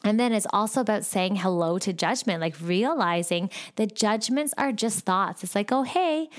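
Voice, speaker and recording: A woman's voice: medium pitch, moderate pace. A young adult woman talking casually about a book, with many fillers and restarts. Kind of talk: casual talk summarizing a self-help book.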